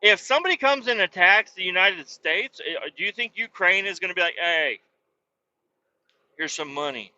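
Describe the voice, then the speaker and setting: A man's voice: high-pitched, expressive, brisk, hardly any pauses, pushed and bright, muffled recording. A man hosting a podcast, ranting about politics in a rambling, profanity-heavy way. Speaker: podcast host.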